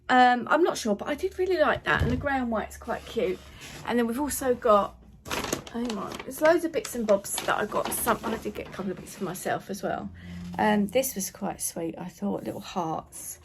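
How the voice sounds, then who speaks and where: A middle-aged British woman chatting casually to her viewers as a lifestyle vlogger at home, rambling and friendly. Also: a little high. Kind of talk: casual chat to camera. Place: at home, in a home office. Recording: noisy home recording.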